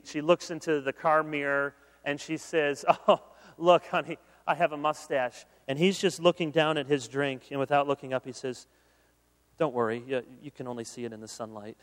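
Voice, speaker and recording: A man preaching in a large hall, his slightly high voice carrying with a long reverb. He talks in an animated, conversational way, joking with the crowd, then turning earnest. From Michigan, USA. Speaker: pastor. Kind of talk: sermon.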